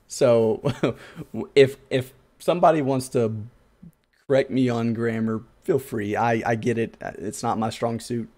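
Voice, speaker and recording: A man's voice: mid-range voice, darkish tone. A man hosting a casual gaming podcast, thinking aloud in a loose, rambling, self-deprecating way. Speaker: podcast host.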